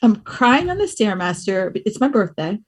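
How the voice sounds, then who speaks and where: A woman from the US East Coast, a guest on a podcast, telling stories in an animated, expressive way and laughing as she talks. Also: mid-range voice, moderate pace. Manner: animated storyteller, expressive, laughs while talking. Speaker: podcast guest, fitness business owner. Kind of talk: casual conversational interview.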